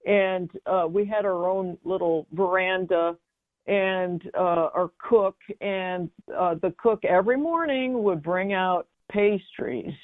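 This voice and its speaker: A woman's voice: lowish voice, slow, no room sound. A middle-aged woman tells her own story as a guest, rambling along with fillers and restarts. Her voice comes through a narrow, tinny line, dry with no room sound. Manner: chatty, with many fillers and restarts. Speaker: guest, baking mix business founder. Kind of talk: telling a personal story in an interview.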